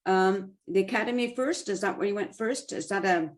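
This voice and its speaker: A woman hosting an interview over a video call, chatty and quick to apologize, with self-deprecating asides. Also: medium pitch. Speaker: interview host. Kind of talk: casual conversational interview.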